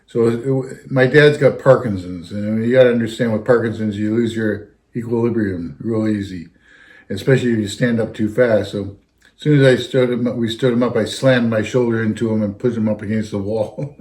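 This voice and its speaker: Man, old fire captain type, low voice, rambling anecdote teller who keeps coming back with "anyhow". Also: fairly even intonation, brisk, darkish tone. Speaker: retired fire captain telling stories. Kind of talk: casual storytelling.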